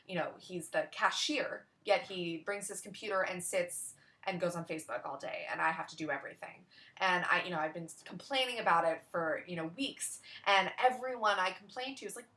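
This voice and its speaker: Young woman rambling thru a story, lots of "like", bright voice. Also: fairly low pitch. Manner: rambling, full of "like" and "you know". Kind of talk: casual storytelling vlog.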